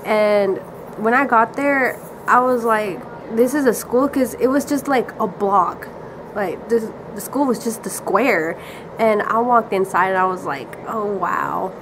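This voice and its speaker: A woman's voice: mid-range voice, measured pace, background noise. A teenage girl casually telling a rambling story with lots of "like" and giggles. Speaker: vlogger.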